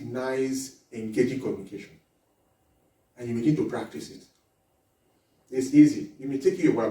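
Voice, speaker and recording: A man giving a lively marriage seminar talk, laughing often and acting out little dialogues as he teaches. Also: mid-range voice. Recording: echoey hall recording from far off.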